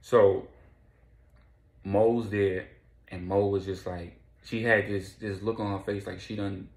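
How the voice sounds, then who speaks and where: A man's voice: lowish voice, level tone, takes it slowly, a little mellow. A man casually telling a rambling story in slangy speech, in an echoey room.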